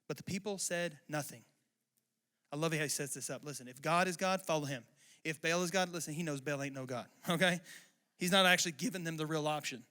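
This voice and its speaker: A pastor preaching a lively, conversational sermon. His voice sits high and bright, with a smooth, crisp clarity. He talks to his congregation directly and keeps the energy up. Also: brisk.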